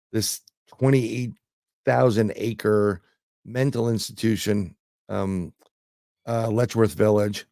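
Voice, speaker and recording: A man with a lowish, gravelly, mellow voice speaks in clean studio sound with no echo. He's a New York City guest and remote viewer, telling rambling anecdotes in a casual interview, full of fillers and restarts.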